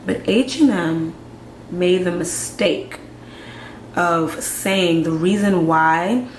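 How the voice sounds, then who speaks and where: Young woman from Nigeria, lowish voice, frank vlog commentary with quick asides, roomy sound. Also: a little hiss or hum. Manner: frank, conversational, quick asides and rhetorical questions. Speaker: vlogger. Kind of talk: candid commentary to camera. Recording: echoey room with faint ambience.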